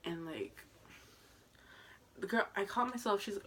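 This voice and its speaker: A young woman telling a story in a casual vlog, excitable and chatty, swearing freely and full of fillers. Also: low voice, normal speed, pauses often. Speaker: vlogger.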